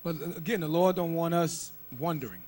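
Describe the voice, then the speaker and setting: In a slightly high voice, a preacher delivers a forceful sermon and readily raises it to a shout. Rhetorical questions come rapidly as he calls for scripture to be read and draws listeners into call-and-response.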